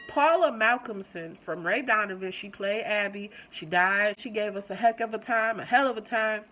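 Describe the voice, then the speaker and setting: A young adult woman hosts her own channel, casually reviewing a TV episode and speaking straight to her viewers in an animated, chatty way. Her medium-pitched voice moves at a moderate pace with hardly any pauses, over a noisy background.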